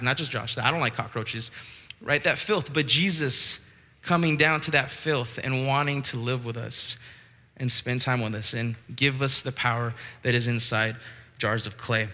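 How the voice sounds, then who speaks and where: A young man preaching to a church youth group. He is animated and joking, with restarts. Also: a little high, in a large hall. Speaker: youth pastor. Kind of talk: youth sermon with storytelling. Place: church hall.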